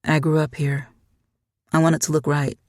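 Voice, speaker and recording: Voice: mid-range voice, little pitch movement, normal speed, a little mellow, dry recording, clean studio sound, lightly acted. A reader voicing a hesitant young woman. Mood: guarded. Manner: hesitant, guarded replies. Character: young woman staying in an evacuated town, anxious.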